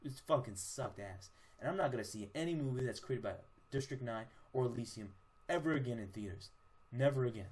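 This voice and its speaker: A man's voice: medium pitch, a little mellow. A young man casually reviewing movies on his own channel, blunt and profane, with frequent restarts.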